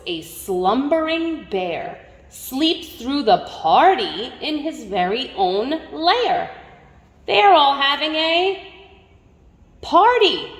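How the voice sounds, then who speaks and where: A woman teacher reading a picture book aloud, animated and full of wonder, gasping before each new page. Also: a little high. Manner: slow, animated, gasping with wonder between pages. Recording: echoey room with long reverb.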